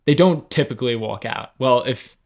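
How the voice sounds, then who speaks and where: A man's voice: mid-range voice, moderate pace, creaky, darkish tone. A man on a faith podcast panel who hesitates and stumbles, building an extended analogy to make his point. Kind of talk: casual faith discussion.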